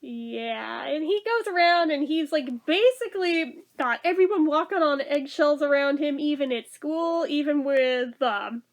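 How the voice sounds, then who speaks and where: Woman, high voice, casual review, chatty, laughs a lot, lots of "like". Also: expressive, measured pace, hardly any pauses. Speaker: TV episode reviewer.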